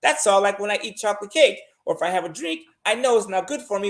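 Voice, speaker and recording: Blunt, profane man with a high voice. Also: lively intonation, quick pace, a bit bright, roomy sound. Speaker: guest on a money talk show. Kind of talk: casual monologue giving money advice.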